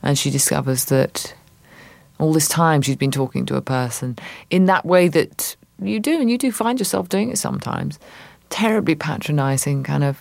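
An English actress as a radio interview guest, telling stories thoughtfully with many hesitations. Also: female voice, extremely low pitch, moderate pace, vocal fry, darkish tone, no room sound.

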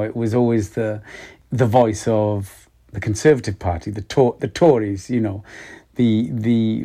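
A man's voice: medium pitch, darkish tone. A middle-aged Welsh man, an actor being interviewed, speaking reflectively with frequent hesitations and restarts. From Wales. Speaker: actor guest. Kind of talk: interview conversation.

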